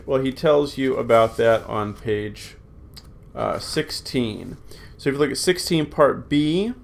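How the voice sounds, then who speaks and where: A middle-aged man teaching a recorded Greek grammar lesson, patient and plain, with many filler sounds as he repeats forms aloud. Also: mid-range voice.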